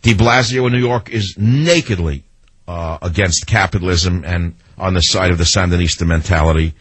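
A man's voice: low-pitched, normal speed, breathy edge, dry recording, low-quality recording. A man hosting a talk radio show, telling sarcastic stories and mimicking the people in them. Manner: sarcastic, storytelling with mimicked quotes. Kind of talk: monologue to listeners.

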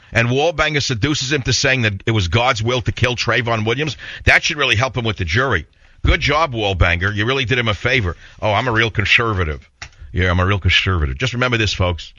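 A man's voice: medium pitch, pushed and bright, no room sound. Man, New York accent, talk radio host, sarcastic, rambling, dry close sound, slightly muffled.

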